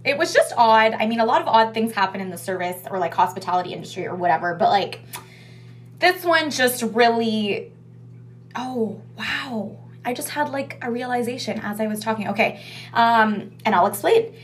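A young woman chats about her restaurant takeout job, swearing freely and using "like" a lot. Her voice sits on the high side at a normal speed.

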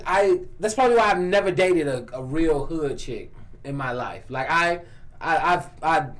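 A man with a Chicago accent in casual chat, telling stories in a profane, animated way with lots of restarts. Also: on the high side.

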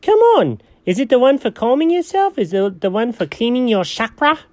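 A performer playing an excitable, chatty male buddy in an improvised audio story, talking in a playful, swooping way. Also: medium pitch, normal speed, no echo, lightly acted.

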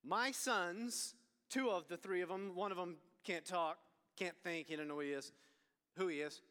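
A man, preaching a sermon as an animated storyteller who swings between loud and hushed. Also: high-pitched, moderate pace, clear, resonant tone. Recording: long hall reverb.

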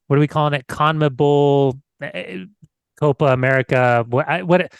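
A man's voice: a little high, fairly even intonation, normal speed, creaky, smooth, no room sound. Laid-back man co-hosting a podcast. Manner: laid-back, stumbling over words. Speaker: podcast co-host. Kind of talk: casual chat.

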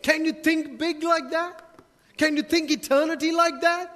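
A man's voice: very high-pitched, steady tone, normal speed, fairly bright tone. A male pastor preaching a sermon, asking the congregation questions and joking with them along the way. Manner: preaching with rhetorical questions and humorous asides to the congregation. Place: church hall. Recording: long hall reverb.

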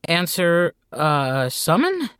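Man voicing a squeaky male demon clerk, stammering, fawning, flustered, dry close sound. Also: wildly swooping pitch, slow pace, a bit bright, clean tone, no echo, exaggerated voice. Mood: nervous. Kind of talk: audiobook character voice.

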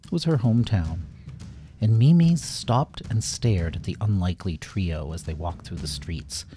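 A man narrating a children's story in a gentle, lively storytelling manner. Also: sits low, moderate pace, over music.

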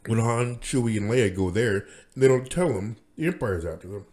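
A man's voice: fairly low pitch, lively intonation, normal speed, darkish tone. A man rambling through a casual monologue as podcast host, with many restarts and fillers.

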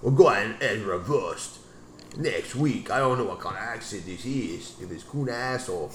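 Lively-voiced man hosting a sports chat. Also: lowish voice, normal speed, echoey room, slight background noise. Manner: laid-back, swears freely, teasing. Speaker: podcast host.

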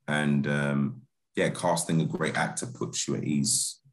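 A man, a film director, chatting in a relaxed interview, laid-back with many restarts and fillers. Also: rumbling low, unhurried, a little hiss or hum.

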